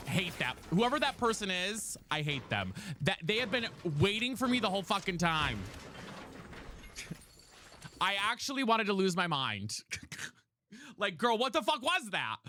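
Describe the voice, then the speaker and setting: A man's voice: sits high, very animated, measured pace, pauses often, pushed and bright, a little hiss or hum. A man streaming a game live, chatting with viewers and swearing, a little tired after hours on air. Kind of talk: live gameplay commentary and chat.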